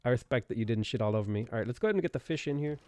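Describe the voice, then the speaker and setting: A man's voice: medium pitch, animated, rapid-fire, a little mellow, dry recording. A man live-streaming a strategy game, chatting playfully and answering viewers' questions as he plays.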